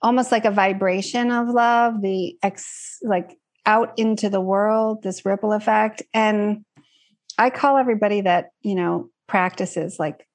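A woman's voice: mid-range voice, fairly even intonation, a little slow. A woman speaking as a podcast guest about her own work, earnest and reflective, loosely rambling. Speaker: guest, card deck creator. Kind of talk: casual interview chat.

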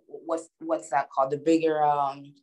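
A woman's voice: low voice, level tone, a little slow, warm tone, rough recording. A woman co-hosting a casual conversation, making her points with emphatic repetition. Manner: emphatic, repeats words for stress. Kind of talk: casual chat.

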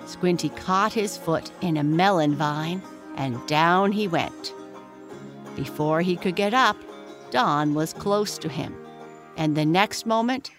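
A woman reading a children's story aloud in a gentle, expressive storytelling manner. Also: low voice. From Prince Edward Island, Canada.

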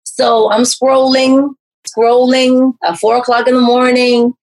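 A woman, a life coach, telling her personal story in an interview, animated and full of fillers and restarts. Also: takes it slowly, poor audio. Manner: animated storyteller, raises pitch to act out quoted speech.

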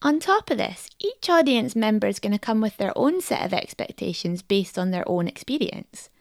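A woman's voice: mid-range voice, lively intonation, normal speed, no room sound. A woman hosting a podcast, narrating a script in a wry, reflective way. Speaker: podcast host.

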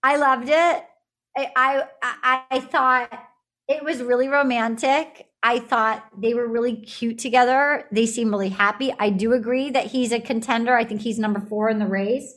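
A woman with a high voice co-hosts a loose, chatty podcast. She tells the story of each episode with lots of energy and bounces into silly put-on voices when she quotes the people on screen. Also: steady tone, moderate pace, fairly bright tone. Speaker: podcast co-host. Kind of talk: casual chat recapping a reality show.

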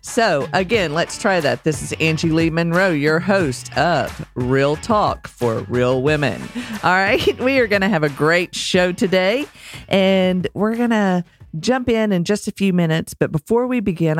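Chatty Texan woman podcast host. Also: fairly low pitch. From Texas. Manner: chatty and candid, self-deprecating. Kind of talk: casual solo podcast talk.

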